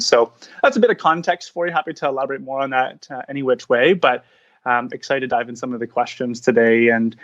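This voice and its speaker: A man talks through ideas in an earnest, searching way, circling back and restarting his sentences. His pitch sits in an ordinary middle range. The audio is a little dull and lo-fi. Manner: earnest, searching phrasing with frequent restarts and fillers. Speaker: podcast guest, founder of a coaching practice. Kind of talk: reflective interview talk.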